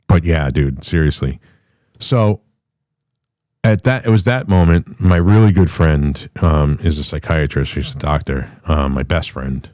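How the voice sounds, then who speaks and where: A man's voice: extremely low pitch, unhurried, a little mellow, no echo, clean studio sound. A middle-aged man hosting a podcast, rambling through a casual, profane monologue full of restarts. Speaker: podcast host.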